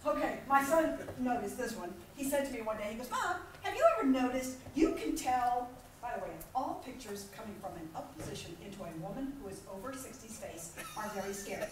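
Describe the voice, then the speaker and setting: A middle-aged woman gives a motivational keynote in a large conference hall, her high voice swooping up and down at a brisk pace. She's animated and humorous, acting out little scenes with laughter. She's heard from a distance with echo and a little hiss or hum.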